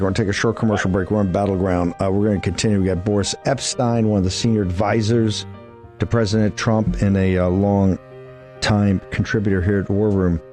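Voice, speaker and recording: Blunt low-voiced radio host. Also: male voice, darkish tone. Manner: blunt, emphatic, rapid asides. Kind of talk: talk radio interview.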